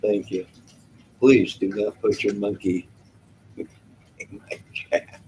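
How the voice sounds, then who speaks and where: A man's voice: lowish voice, fairly even intonation, slow pace, dark tone, slight background noise, low-quality recording. A man hosting a casual live stream, reacting to his chat with jokes, exclamations and frequent laughs. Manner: joking, exclamatory, laughs often. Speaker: livestream host reading chat.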